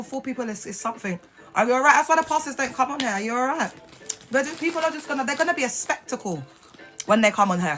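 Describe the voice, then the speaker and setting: A woman speaks straight into her phone on a live stream, blunt and sassy, cursing as she goes. Her voice is bright and tense, with a little music playing faintly behind her. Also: a little high. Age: adult mother. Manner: blunt, sassy, swears freely. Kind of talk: casual live stream talk.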